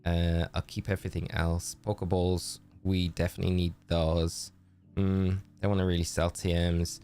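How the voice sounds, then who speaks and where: A man's voice: low-pitched, flat delivery, normal speed, dark tone, smooth. A man casually commentating his game stream, thinking aloud and greeting viewers in chat.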